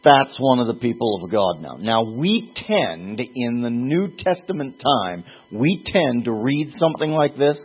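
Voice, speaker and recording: A man teaching from the Bible in a conversational sermon, rising in pitch and force when he drives a point home. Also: animated, normal speed, few pauses, husky. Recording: phone-like lo-fi audio.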